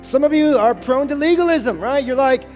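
A man's voice: very high voice, moderate pace, darkish tone. A male pastor preaching a sermon in a church, emphatic, repeating key phrases and checking in with the congregation. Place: church sanctuary. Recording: long reverb in a church hall with music.

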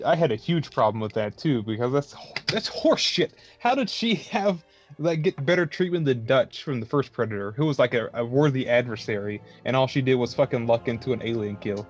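A man's voice: mid-range voice, lively intonation, brisk, faint music behind. A man chatting on a podcast, blunt, profane and mocking. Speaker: podcast co-host. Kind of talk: casual chat.

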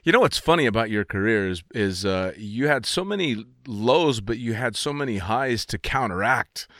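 A man's voice: medium pitch, expressive, normal speed, a bit bright, no echo, studio quality. A man hosting a casual podcast chat, swearing freely and laughing often. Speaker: podcast host.

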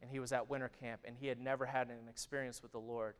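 A man in his thirties preaching a sermon, who moves from loud, emphatic stretches to hushed, intimate ones. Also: mid-range voice, level tone, quick pace, clean tone. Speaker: pastor.

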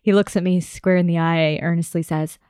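A young woman casually telling a travel story in a chatty, animated way, laughing now and then. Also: on the low side, brisk, clear, resonant tone, no echo, studio quality.

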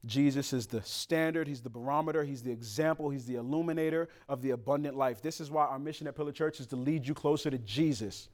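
Man, pastor, sermon, fairly high voice, casual slang, bursts of loud emphasis. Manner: animated, conversational street slang; sudden rises to loud emphatic preaching.

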